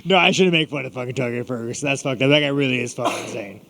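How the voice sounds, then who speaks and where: A man's voice: mid-range voice, racing, vocal fry, fairly bright tone, long reverb tail. An American man answering press questions in a casual, rambling, joking way, swearing constantly. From United States. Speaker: fighter at a media scrum. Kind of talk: casual media Q&A.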